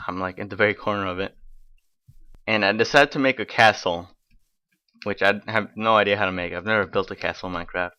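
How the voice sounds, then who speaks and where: A man's voice: lowish voice, pushed and bright, smooth, highs cut off. A man giving casual, rambling gameplay commentary as host of his own let's play, talking in an offhand, chatty way.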